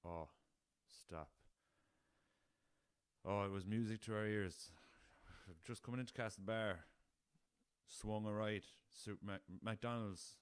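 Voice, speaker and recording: Low-voiced, chatty Irish man. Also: fairly even intonation, slow pace, pauses often, clear, resonant tone, no echo. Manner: chatty rambling storyteller, swears freely. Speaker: podcast host. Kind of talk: casual solo podcast chat. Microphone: laptop.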